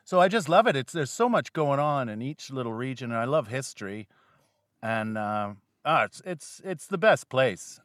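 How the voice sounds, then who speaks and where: A man's voice: medium pitch, sing-song, moderate pace, fairly bright tone, no room sound, studio quality. A man from Canada, a guest comedian in a casual podcast chat, rambling and swearing freely with a self-deprecating streak.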